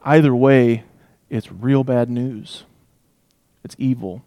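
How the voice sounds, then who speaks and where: A man delivers an expository sermon with emphasis, swinging between loud declarations and hushed asides. His mid-range voice holds a steady tone and moves at a slow pace.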